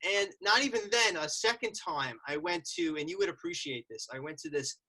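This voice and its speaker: A man's voice: on the high side, a little fast, bright, forceful tone. A man from the United States, a podcast host chatting with enthusiasm and slang. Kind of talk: casual podcast chat.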